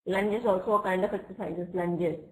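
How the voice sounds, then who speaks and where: A woman's voice: medium pitch, steady tone, a little mellow, low-quality recording. Patient woman teaching words online. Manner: patient, explains words slowly and checks "okay?" often. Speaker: English vocabulary teacher. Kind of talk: live online class.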